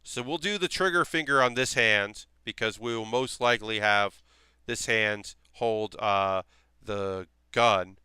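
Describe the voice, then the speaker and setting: A man's voice: on the low side, measured pace, bright, forceful tone, smooth, no echo. A young man from South Carolina chatting casually on a live stream while building a model kit, thinking aloud and reassuring his viewers.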